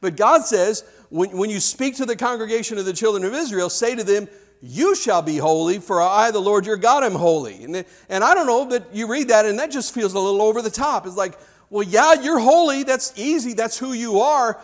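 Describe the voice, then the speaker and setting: A man with a rather high voice preaches a sermon, talking to his congregation like a friend. He is animated and conversational, often restarting his words as he goes. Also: a little fast. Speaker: pastor.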